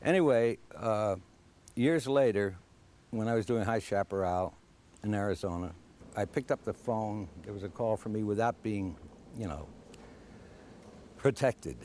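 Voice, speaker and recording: An older man, an actor, telling a rambling, halting, self-mocking anecdote. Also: lowish voice, darkish tone, slight background noise. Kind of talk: casual storytelling.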